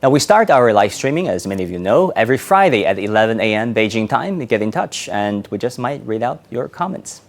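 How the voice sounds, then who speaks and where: A man sitting in as host of a live-stream news show, chatting loosely before airtime and then reading a script crisply. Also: fairly low pitch, a little fast, few pauses. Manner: relaxed banter off air, crisp scripted delivery on air. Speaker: stand-in host.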